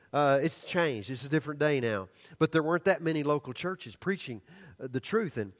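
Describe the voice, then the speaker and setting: An older man preaches a sermon with a slightly high-pitched voice. He tells stories with animation and repeats phrases for emphasis. He often drops into a hushed, earnest tone. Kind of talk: sermon storytelling.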